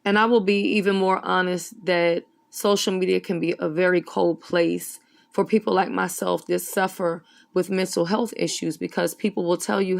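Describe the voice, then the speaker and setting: A woman's voice: lowish voice, fairly even intonation, moderate pace, gravelly. A woman giving earnest, serious spoken commentary on a news story as an online commentator.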